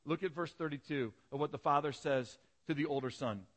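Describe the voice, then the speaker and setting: A man's voice: a little high, fairly quick. A man preaching a sermon as pastor, telling stories animatedly and acting out the voices in them.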